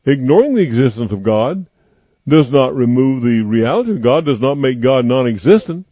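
A male preacher delivering a sermon, repeating his points slowly and with emphasis. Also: medium pitch, lively intonation, mellow, no echo. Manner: slow emphatic repetition, declaring.

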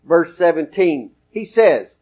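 A man's voice: a little high, big pitch swings, slow pace, a little mellow, husky, highs cut off. A man preaching a sermon in a folksy, conversational way, working through scripture references.

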